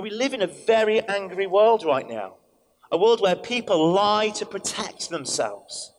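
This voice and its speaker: A man, a vicar, preaching an animated sermon in church, telling stories and switching in and out of quoted voices. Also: high voice.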